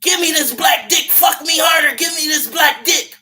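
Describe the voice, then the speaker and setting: A man voicing a loud, demanding young woman who shouts her lines in a shrill, insistent voice. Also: moderate pace.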